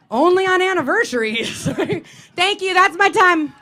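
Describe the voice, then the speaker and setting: A woman's voice: very high voice, expressive, normal speed, pushed and bright. A woman in her thirties performing a self-deprecating stand-up comedy set on an outdoor festival stage, speaking into a handheld mic with punchy timing.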